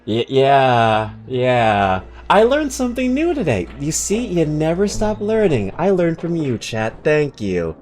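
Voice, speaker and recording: Animated young man streaming a game. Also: unhurried, few pauses. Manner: animated, self-mocking, swings up into high exclamations. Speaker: streamer and voice actor. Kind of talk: casual live-stream chat while playing.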